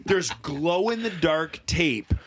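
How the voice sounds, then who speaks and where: A man's voice: fairly high pitch, slow pace, a crowd in the background. A man co-hosting a podcast, telling a story in casual chat and acting out the people in it. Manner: animated storyteller who acts out quoted people. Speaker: podcast co-host, band member.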